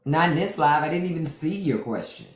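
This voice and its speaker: A man's voice: a little high, expressive, a little fast. A man hosting a casual livestream, giving opinionated political commentary and stopping often to greet viewers by name. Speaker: livestream host. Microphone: phone livestream. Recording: roomy echo.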